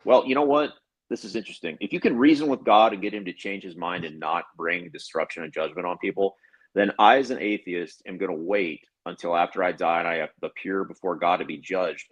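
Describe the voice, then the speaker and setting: A low, husky-voiced man talks as a podcast co-host. He reads verses aloud and then answers them with sarcastic, animated asides in a loose, conversational way. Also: low-quality recording. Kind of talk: casual critical discussion.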